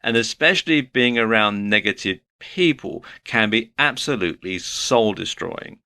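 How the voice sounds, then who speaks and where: A man's voice: fairly low pitch, animated, moderate pace, pushed and bright, no echo. A man giving a motivational lecture, earnest and advice-giving, working through his points one by one. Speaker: online course instructor.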